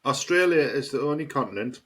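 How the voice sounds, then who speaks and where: A man's voice: medium pitch, animated, brisk, fairly bright tone. A man co-hosting a casual podcast chat, dry and teasing in short remarks. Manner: dry, teasing, brief interjections. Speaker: podcast co-host.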